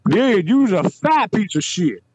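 A man's voice: big pitch swings, a little slow, background noise. A man voicing a brash, gym-obsessed male caller who uses crude street slang during a prank phone call. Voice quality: high-pitched put-on voice, street slang.

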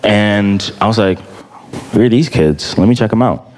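A young man casually sharing his church testimony, animated, full of fillers and acted-out quotes. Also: normal speed, long reverb tail. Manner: animated storytelling, acts out quotes in a high voice, many fillers. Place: church hall.

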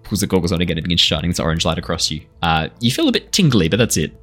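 A man's voice: deep voice, big pitch swings, rapid-fire, fairly bright tone. A man narrating as game master in a tabletop game, casual, with many fillers and some laughs. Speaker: dungeon master.

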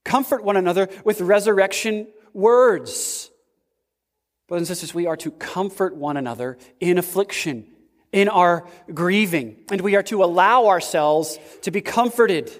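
A man preaching a sermon as pastor, slow and emphatic, with sudden swings in pitch. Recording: long reverb of a large hall.

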